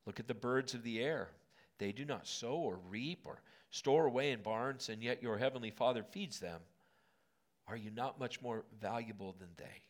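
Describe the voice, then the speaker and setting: A male pastor preaching a sermon in a church auditorium, moving from hushed lines to emphatic ones. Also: medium pitch, normal speed.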